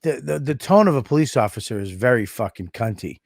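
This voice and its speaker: A man's voice: mid-range voice, expressive, a little fast, gravelly, no echo, studio quality. A man co-hosting a podcast in casual chat, profane and rambling with frequent restarts. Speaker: podcast co-host.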